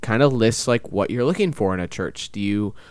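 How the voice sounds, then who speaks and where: A man co-hosting a casual podcast chat, speaking in a relaxed way with frequent filler words. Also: lowish voice, a little fast, smooth, no echo. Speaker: podcast co-host.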